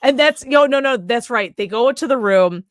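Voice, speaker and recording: Brief: young woman podcast co-host, bright-ish voice, dry close mic, lively and foul-mouthed retelling of a horror film. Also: a little high, normal speed, no room sound. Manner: animated, swears often, acts out characters' lines. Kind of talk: casual movie review chat.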